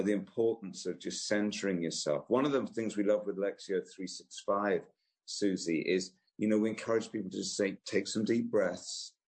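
A man, an author answering interview questions in a gentle, unhurried way with frequent restarts. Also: sits low. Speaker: author and guest.

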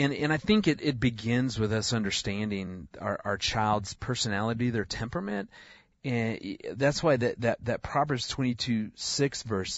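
A man in his forties who talks about parenting in casual conversation, an animated storyteller who often restarts his sentences. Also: lowish voice, no room sound, muffled recording. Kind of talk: conversational discussion.

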